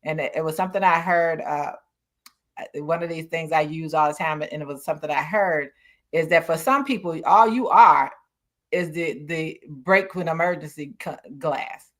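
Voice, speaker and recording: A woman's voice: deep voice, normal speed. A woman in a casual chat, talking freely and laughing easily.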